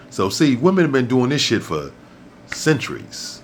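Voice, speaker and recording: A man's voice: mid-range voice, sing-song, normal speed, fairly bright tone, slight background noise. A middle-aged man hosting his own vlog, delivering a blunt, profane, preachy rant that keeps repeating points for emphasis. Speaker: vlog host. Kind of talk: ranting monologue to camera.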